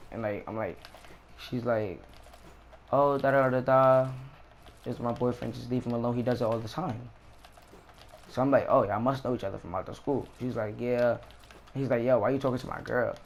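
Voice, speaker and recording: A young man casually telling a story about a school fight in slangy, animated street talk with swearing. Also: mid-range voice, vocal fry, slight background noise. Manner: slangy, animated retelling with profanity.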